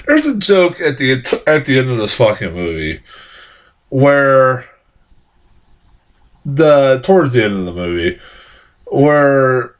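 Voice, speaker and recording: A man's voice: medium pitch, takes it slowly, long pauses. A man giving a casual, rambling film review, swearing often and restarting his sentences, with sarcastic outbursts. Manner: rambling, profane, lots of restarts; animated, jumps into sarcastic reactions.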